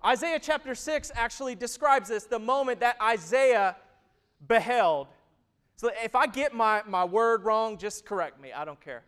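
A man in his thirties preaching a sermon, who moves from loud, emphatic stretches to hushed, intimate ones. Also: extremely high pitch, animated, moderate pace, smooth. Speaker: pastor.

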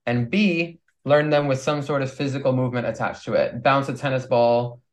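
A man's voice: mid-range voice, fairly even intonation, normal speed. A man guesting on a podcast who talks earnestly and thoughtfully about performing. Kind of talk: casual chat.

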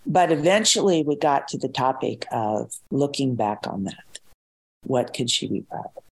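A woman's voice: a bass voice, husky, low-quality recording. An older woman, an author being interviewed, talking in a thoughtful, reflective way and repeating words as she gathers her thoughts. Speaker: author and guest.

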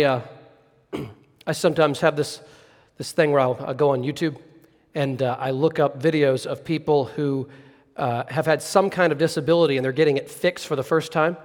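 A man's voice: on the high side, big-room sound. A male pastor preaching a sermon, earnest and conversational, telling stories with frequent restarts.

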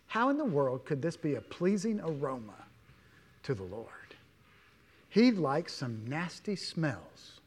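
Fairly high-voiced male pastor preaching. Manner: emphatic, swings between loud stresses and hushed asides, many rhetorical questions. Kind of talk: sermon. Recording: long hall reverb.

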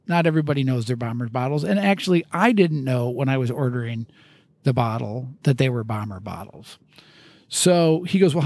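A man's voice: on the high side, gravelly, darkish tone, no room sound. A middle-aged man hosting a podcast, telling a rambling, self-mocking story at a casual pace, with restarts and laughs. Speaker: podcast host.

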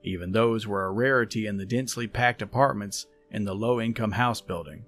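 A man hosting a podcast, reading a story aloud in a calm, measured, soft-spoken way. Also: on the low side, soft background music. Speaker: podcast host and story reader. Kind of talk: scripted story narration.

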